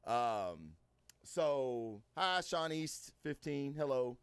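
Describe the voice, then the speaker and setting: A man's voice: mid-range voice, lively intonation, extremely slow, clear, resonant tone, dry recording. A man hosting a casual podcast, telling stories loosely with many fillers and plenty of swearing. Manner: loud, swearing, storytelling with lots of fillers. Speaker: podcast host. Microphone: studio microphone.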